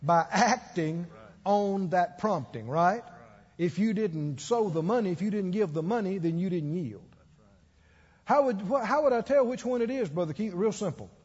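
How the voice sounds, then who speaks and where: Preacher guy, high voice kinda husky, animated stories, dull echoey church sound. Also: normal speed. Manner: animated storytelling with acted-out quotes and laughter. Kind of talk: sermon.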